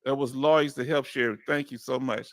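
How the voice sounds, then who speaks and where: A man's voice: mid-range voice, steady tone, fairly quick, no room sound, clean studio sound. A man from Houston with a Southern Texas accent, hosting a casual online chat and reading comments aloud to viewers. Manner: folksy, reads comments aloud and chats directly to viewers. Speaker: host.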